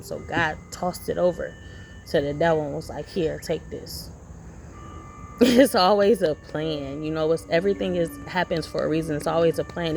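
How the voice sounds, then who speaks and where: Gravelly-voiced woman preaching in a vlog. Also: deep voice, darkish tone, slight background noise, poor audio. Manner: rambling, preachy, repeats herself. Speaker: vlogger. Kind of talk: casual motivational monologue.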